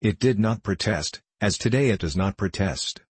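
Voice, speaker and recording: A man's voice: fairly low pitch, animated, moderate pace, breathy edge, no room sound. A man voicing a fierce male socialist debater who argues insistently and without mercy. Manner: forceful, cutting, insistent.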